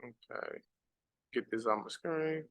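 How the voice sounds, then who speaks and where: A man's voice: mid-range voice, slow, fairly bright tone. A man teaching a casual live-stream lesson, reading slides aloud and repeating key points emphatically to his viewers. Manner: casual, chatty asides to the audience. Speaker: credit repair educator.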